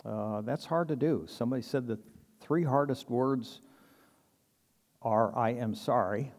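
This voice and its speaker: A man's voice: mid-range voice, unhurried, a little mellow, in a large hall. A man preaching a sermon in a conversational, earnest way, acting out little quoted exchanges and chuckling now and then. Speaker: pastor.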